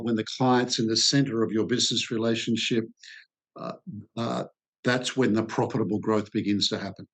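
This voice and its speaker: An Australian man in his sixties, a sales expert answering interview questions in a thoughtful way, pausing often with "uh". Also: medium pitch. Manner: thoughtful, hesitant with many "uh" fillers.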